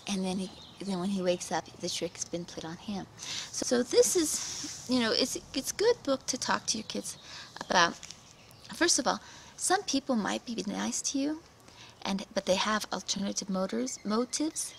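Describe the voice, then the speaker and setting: Woman, children's book reviewer, animated dramatic retelling, mid pitch, some fry. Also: normal speed, a little hiss or hum, rough recording.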